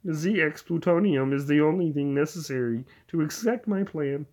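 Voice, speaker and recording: A man putting on a scheming cartoon alien villain, clipped and prim, slightly higher than an ordinary man's voice. He lays out a plan in a tidy, fussy tone. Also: moderate pace, a little mellow, close to an everyday voice.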